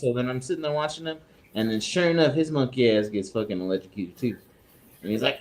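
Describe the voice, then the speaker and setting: A man's voice: quick pace, poor audio. A man co-hosting a podcast, telling a rambling, profane work story in a casual way and acting out the people in it. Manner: animated, acts out others in raised pitch. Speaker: podcast co-host.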